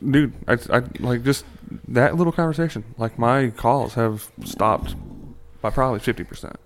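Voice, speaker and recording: A man's voice: mid-range voice, normal speed, soft background music. A young man co-hosting a podcast, chatting casually with loose, profane storytelling. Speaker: podcast co-host. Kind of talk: casual chat.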